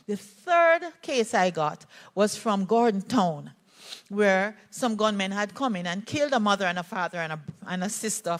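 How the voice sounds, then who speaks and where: An older Jamaican woman, a play therapist, telling a personal story in an animated way at a conference talk. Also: medium pitch. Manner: animated storytelling, voices quoted speakers. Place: conference hall.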